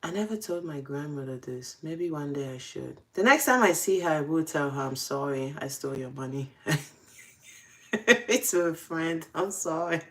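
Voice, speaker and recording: A woman's voice: sits low, animated, unhurried, a bit bright. A young adult woman casually telling confessional stories, often breaking into laughter. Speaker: host. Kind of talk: casual storytelling.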